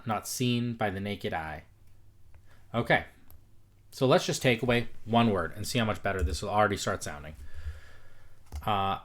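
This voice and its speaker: A man hosting a casual spoken critique of viewer poetry, reflective, reading verse lines slowly aloud to test their rhythm. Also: mid-range voice.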